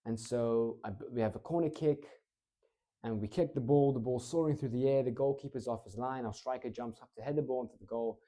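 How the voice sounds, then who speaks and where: A man offers casual public speaking coaching with a low delivery. His energy rises into excitement, then drops to a slow pace, all through a clip-on mic.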